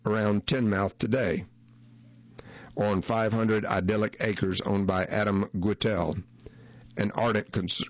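Low-voiced man reading a story. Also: dry recording, muffled recording. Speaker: narrator. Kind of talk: first-person reading of a magazine feature.

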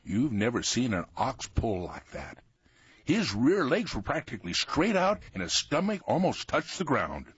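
A male co-host tells big exaggerated stories in a hearty way, and his voice rises and falls widely. His tone is a little husky. The recording is dull and dry. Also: medium pitch, huge pitch swings, normal speed, fairly bright tone, no room sound. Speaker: storyteller and co-host. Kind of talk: folksy tall-tale storytelling.

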